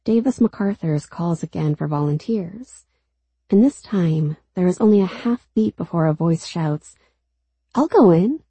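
A woman reading a first-person story aloud in a steady, low-key storytelling manner. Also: normal speed, slightly rough, dry recording. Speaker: narrator. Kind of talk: first-person audiobook narration.

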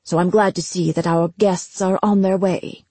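A woman doing Karn, a smooth spy master. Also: lowish voice, fairly even intonation, moderate pace, warm tone, no room sound.

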